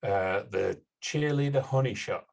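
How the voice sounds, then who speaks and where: A man's voice: on the low side, measured pace, gravelly. A man hosting a casual film-review podcast, explaining with hedges and fillers. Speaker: podcast host.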